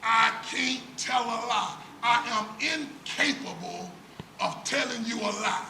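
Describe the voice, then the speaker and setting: A man's voice: extremely high pitch, slow, gravelly, pushed and bright. A man preaching a sermon as pastor, dramatic, with rhetorical questions and lots of repetition. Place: church sanctuary. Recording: echoey church room with background noise.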